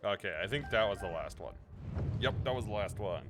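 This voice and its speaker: A man's voice: on the low side, lively intonation, fairly quick, music in the background. A man streaming a game and bantering playfully with his chat, teasing back and laughing at himself. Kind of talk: casual gameplay stream chat.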